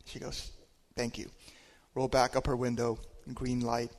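A man speaking as a church minister at a Sunday service, telling a story in a relaxed way with hesitations and chuckles. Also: medium pitch, moderate pace. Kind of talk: sermon. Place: church sanctuary. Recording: long hall reverb.

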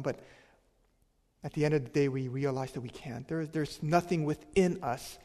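A man preaching a sermon as pastor, emphatic, with a voice that drops to a soft near-whisper on key words. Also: fairly high pitch, moderate pace, long reverb tail.

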